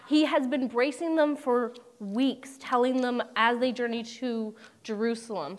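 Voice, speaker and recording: A woman's voice: a little high, a bit bright. A young woman preaching a sermon in a conversational way, with humorous asides and dramatic quoted voices.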